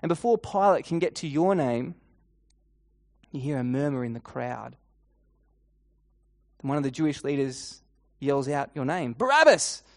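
A man preaching a sermon as a guided imaginative story in the second person, swinging between loud and hushed lines and repeating a refrain. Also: medium pitch. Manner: repeats refrain, halting restarts.

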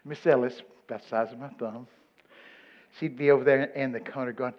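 A man from Texas with a Texan accent, telling a humorous story to a live audience. He swings from mumbled asides to loud exclamations. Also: medium pitch, steady tone, a little fast, muffled recording. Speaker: speaker addressing an audience.

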